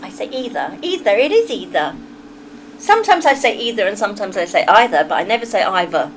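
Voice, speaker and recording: A woman's voice: medium pitch, sing-song, quick pace, a little hiss or hum, low-quality recording. A middle-aged woman with a Kentish English accent, chatting casually and with firm opinions to her livestream viewers. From England. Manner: chatty, opinionated, talks straight to chat.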